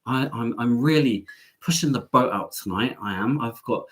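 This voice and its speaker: A man's voice: mid-range voice, normal speed. A man hosting a chatty live stream from home, playful and camp, teasing his audience.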